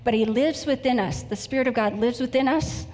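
An earnest woman preacher leads prayer and tells stories, her voice sitting fairly high for a woman. A long hall reverb trails after her words. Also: fairly quick, a little mellow. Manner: earnest, emotional, storytelling.

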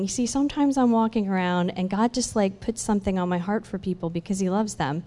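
Woman, faith testimony, animated storytelling, acts out dialogue, long hall reverb, mid pitch. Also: brisk, few pauses. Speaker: church speaker sharing a testimony.

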